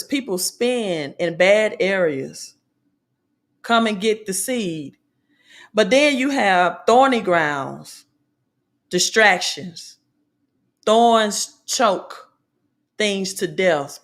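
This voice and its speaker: A woman's voice: medium pitch, a bit bright. A woman with a Southern American accent, hosting a motivational business talk and preaching in repeated slogans and alliterations. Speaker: host.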